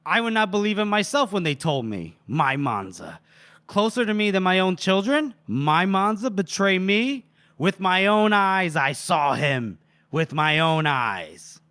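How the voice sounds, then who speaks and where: A scheming, cold-spoken grand duke delivers grave accusations at a measured pace, read aloud by a man on a podcast. The voice sits a touch high for a man. He speaks in a plain, grave book reading rather than a full performance. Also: wildly swooping pitch, sharp tone, full character voice. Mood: accusing.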